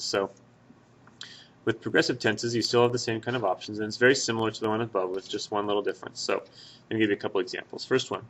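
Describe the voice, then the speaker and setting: A man's voice: lowish voice, a bit bright. A young man teaches a grammar lesson over a screen recording. He talks it through methodically, pointing at each example in turn. His tone stays plain and easygoing. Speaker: Spanish teacher.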